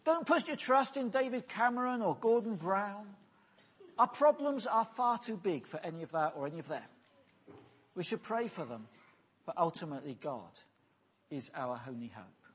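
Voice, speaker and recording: A man preaching an earnest, pastoral sermon, often letting his phrases fall soft and low at the end. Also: lively intonation, normal speed, slightly rough. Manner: earnest, pastoral, drops softly at phrase ends.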